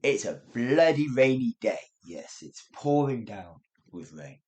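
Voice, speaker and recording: A man's voice: mid-range voice, measured pace. A man presenting a podcast language lesson, acting out examples of tone and chuckling often. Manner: lively, demonstrates tones with acted examples, chuckles often. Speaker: English teacher podcaster.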